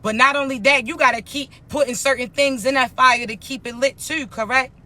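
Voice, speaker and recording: A woman's voice: sits high, steady tone, a little fast, bright, forceful tone. A woman spiritual life coach giving a motivational talk in an emphatic, blunt, slangy and often profane way.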